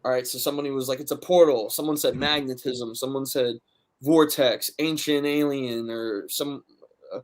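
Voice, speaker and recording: A man's voice: mid-range voice, normal speed. A man from Philadelphia, a podcast guest, telling a story in casual chat, swearing often and acting out his friends' lines. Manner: animated, profane, acts out friends' quotes.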